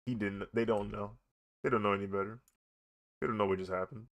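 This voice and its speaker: A young man chatting casually while he draws, animated and laughing often as he talks. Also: fairly low pitch, brisk. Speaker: artist vlogger. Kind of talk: casual chat while drawing.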